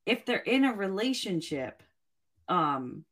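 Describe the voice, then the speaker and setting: A woman's voice: mid-range voice, sing-song, slow, a loud crowd. A woman co-hosting a podcast, teasing and bantering playfully in casual chat.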